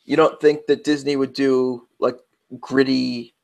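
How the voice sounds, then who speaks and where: New York guy, mid-pitched, rambling podcast co-host. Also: little pitch movement, unhurried, creaky. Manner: chatty, rambling, self-interrupting. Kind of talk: casual round-table chat.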